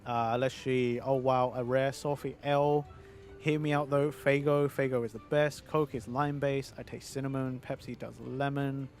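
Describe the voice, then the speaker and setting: A man's voice: mid-range voice, level tone, normal speed, a little mellow. A British man rambles through casual stream chat, swearing freely and answering his viewers. His voice sits in a middling register. Faint game music plays behind him.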